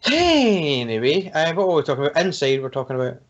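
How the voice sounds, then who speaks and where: A fast-talking man with a fairly high, sing-song voice co-hosts a casual podcast over an online call. He rambles, jokes, and laughs frequently, and his home computer microphone produces muffled, lo-fi call sound.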